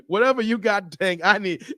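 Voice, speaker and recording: A man with a fairly high voice hosts a casual live stream. He jokes with his chat in a loose, rambling way and laughs often. The sound is dry and close. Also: normal speed, pushed and bright, dry recording. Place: Las Vegas.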